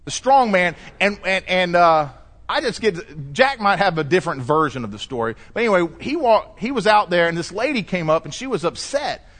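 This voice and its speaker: A male pastor delivering a lively sermon, telling stories and acting out voices as he preaches. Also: high voice, a little fast. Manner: animated storytelling preacher, shifting pace, acts out quotes.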